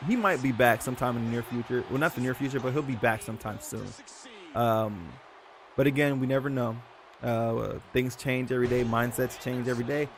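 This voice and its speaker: Rambling young man with faint room noise. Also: mid-range voice. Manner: rambling, self-correcting, filler-heavy. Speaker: YouTube host. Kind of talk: casual rambling commentary.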